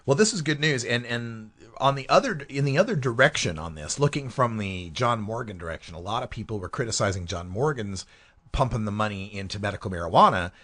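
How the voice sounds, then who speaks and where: A man hosting a talk radio show, lively and laughing easily. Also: fairly low pitch, fairly quick. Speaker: host.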